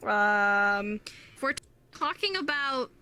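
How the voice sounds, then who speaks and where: A woman's voice: medium pitch, expressive, slow pace, sharp tone, smooth. A woman chatting as an interview guest, laughing often, her voice strained from long use. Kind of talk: casual interview chat.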